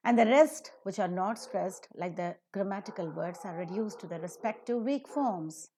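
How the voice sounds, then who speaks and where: A woman teaching English pronunciation in a lecture, slowly and emphatically modeling example sentences. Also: lowish voice, dark tone, slight background noise.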